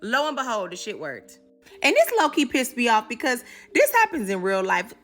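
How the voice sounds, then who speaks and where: Sassy, high-voiced woman recapping. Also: wildly swooping pitch, moderate pace, fairly bright tone, faint music behind. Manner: sassy, slangy, talks straight to viewers. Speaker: comedy recap host. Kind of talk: casual comedic recap.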